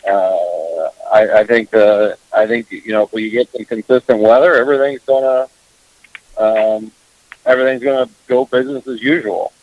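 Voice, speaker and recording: A man's voice: lowish voice, fairly even intonation, normal speed, no echo. Rambling man on dull lo-fi radio. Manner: rambling, heavy on "you know" fillers. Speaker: fishing guest. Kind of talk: casual radio chat.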